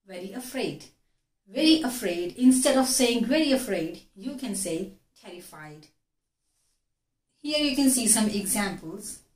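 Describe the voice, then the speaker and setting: A woman's voice: fairly high pitch, a little mellow. Woman teaching English words, roomy echo. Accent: Indian English. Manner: explains slowly, repeating key words. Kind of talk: vocabulary lesson. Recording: echoey room.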